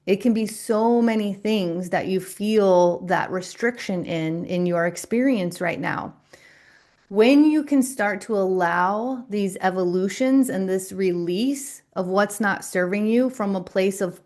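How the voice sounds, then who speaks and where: A middle-aged woman coaching on a live stream, speaking slowly and deliberately in a soothing way to her viewers in the chat. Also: mid-range voice. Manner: slow, deliberate, soothing delivery. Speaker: spiritual coach and astrologer.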